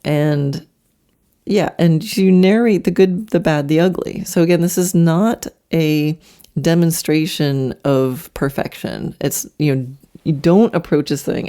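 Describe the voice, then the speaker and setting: Middle-aged female host for a solo horse-training talk, chatty and upbeat, low mellow voice. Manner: chatty, animated, slips into quick mock demos. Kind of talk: solo podcast monologue.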